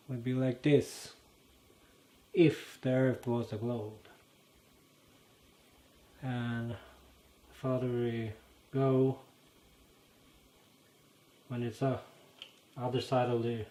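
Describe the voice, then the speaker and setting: Norwegian-accented man, host, slow and halting delivery, fills pauses with "uh" and "um", mid-pitched voice. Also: warm tone. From Norway. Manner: halting, searches for words, many fillers. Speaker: channel host. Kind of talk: casual explanatory monologue. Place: in front of a green screen.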